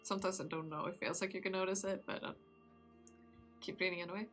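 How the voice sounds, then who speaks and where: Sleepy, giggly woman streamer, bright voice. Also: on the low side, fairly even intonation, fast, pauses often, soft background music. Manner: chatty and giggly, talking to chat. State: sleepy, yawning. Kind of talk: casual chat while reading a visual novel.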